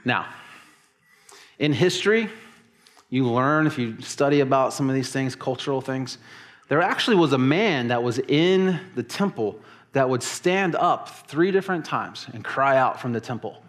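A man preaching to his congregation, telling the story with lively emphasis and acting out quoted lines. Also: mid-range voice, normal speed. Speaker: pastor. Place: church service in a large hall.

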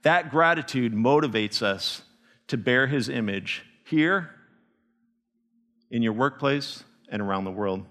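A man preaching a sermon as a missionary, telling stories with animated emphasis and frequent restarts. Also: medium pitch, unhurried. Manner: animated storytelling with restarts, rising to emphatic peaks.

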